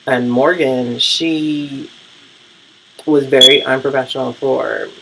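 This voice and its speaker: A gravelly, creaky voice rambles through a casual recap of the week's television. The talk is blunt and laced with profanity, full of "um" and "like" as thoughts wander. It has the loose feel of a vlogger talking straight into a camera mic. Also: mid-range voice, fairly even intonation, takes it slowly, background noise. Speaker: vlogger reviewing TV shows.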